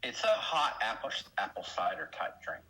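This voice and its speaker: Lively Southern-accented man, bright voice. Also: lowish voice, moderate pace, breathy edge, low-quality recording. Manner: folksy, rambling, lively storyteller. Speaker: stream regular. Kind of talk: casual voice chat.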